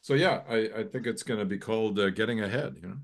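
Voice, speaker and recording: A man chatting casually on a video call, an animated storyteller whose voice jumps up when he quotes others. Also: on the low side, fast talker, a little hiss or hum. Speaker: guest photographer.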